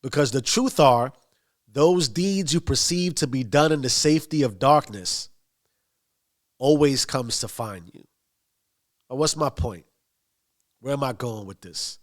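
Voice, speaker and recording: A man's voice: mid-range voice, lively intonation, unhurried, pauses often. Emphatic male motivational speaker. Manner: emphatic, repetitive lists. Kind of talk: motivational monologue.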